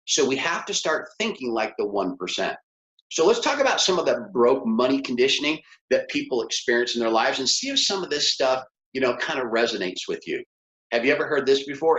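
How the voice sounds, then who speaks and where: A man's voice: medium pitch, expressive, a little fast, a bit bright. A middle-aged man giving a motivational business workshop lecture, emphatic and coaxing, often putting questions to his audience. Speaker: business instructor. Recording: roomy, slightly dull lo-fi sound.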